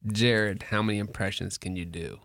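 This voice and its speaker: A man's voice: on the low side, fairly even intonation, normal speed, vocal fry, a bit bright, no echo. A man co-hosting a podcast in casual banter, needling the others with joking questions. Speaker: podcast co-host.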